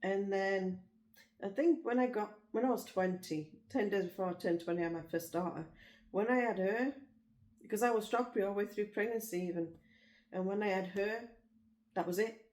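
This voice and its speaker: A woman's voice: medium pitch, a little mellow. A woman from Liverpool with a Liverpool accent, telling frank, rambling stories about her life in casual chat. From Liverpool, England. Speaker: vlogger. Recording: roomy echo.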